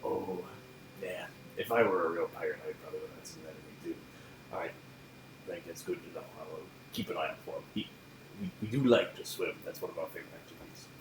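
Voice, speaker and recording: A man doing a laid-back deep-voiced pirate. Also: fast, recorded from a distance, close to an everyday voice. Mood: easygoing. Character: jolly male pirate, easygoing. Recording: echoey room with background noise.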